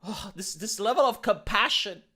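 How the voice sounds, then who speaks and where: A Romanian commentary streamer with a Romanian accent rants through sarcastic political commentary, mocking and exasperated, slipping into put-on voices. His voice is high-pitched and expressive, sharp in tone, at a moderate pace.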